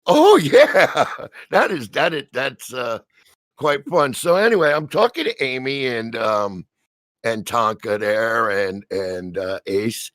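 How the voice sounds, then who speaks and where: A man telling a story in casual chat, swearing freely and loudly acting out the lines of the people in it. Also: mid-range voice, slow pace, dry recording. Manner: profane, animated storyteller acting out quotes loudly.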